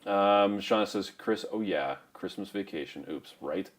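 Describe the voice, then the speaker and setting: A man's voice: low-pitched, a little slow. A middle-aged man co-hosting a casual live stream, reading out viewer comments in a dry, matter-of-fact way.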